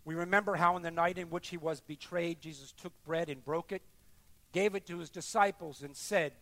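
A man preaching a sermon as pastor in a church, swinging from quiet murmurs to loud emphatic bursts and leading the congregation in prayer. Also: a little high, steady tone, normal speed, no room sound. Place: church sanctuary.

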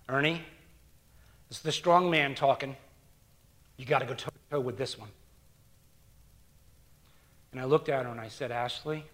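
A middle-aged man preaching a sermon as pastor, earnest, dropping to hushed near-whispers and rising to loud emphatic bursts. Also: medium pitch.

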